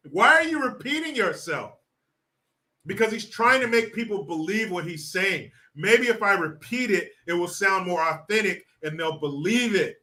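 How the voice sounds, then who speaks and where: A man giving sarcastic political commentary in an animated, mocking way. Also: high-pitched, unhurried. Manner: sarcastic, animated, laughs often.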